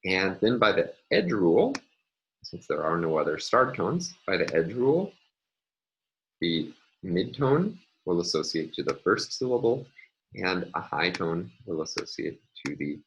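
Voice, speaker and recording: A man's voice: low voice, slight background noise, poor audio. A man giving a recorded linguistics lecture, explaining step by step with frequent ums and uhs as he annotates on screen.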